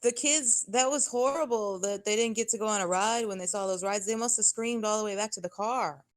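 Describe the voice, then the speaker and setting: A woman's voice: medium pitch, a little fast. A woman hosting a casual chat, reacting sympathetically to a guest's story.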